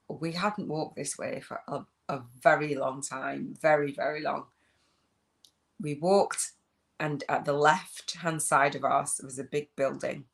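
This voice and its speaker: A woman in her forties with a Leeds accent, talking into her phone while she walks outdoors. She rambles, restarts her sentences, and chats away loosely. Her voice has a slightly gravelly edge. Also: low voice. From northern England. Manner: rambling, chatty, restarts often. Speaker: spiritual business coach. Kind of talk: casual vlog monologue. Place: outdoors, walking in the countryside.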